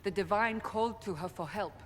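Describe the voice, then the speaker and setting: A woman's voice: mid-range voice, big-room sound, slight background noise, natural voice. A woman voicing a resolute holy warrior. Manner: firm, formal, measured. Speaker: church seeker, warrior. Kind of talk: video game voice acting.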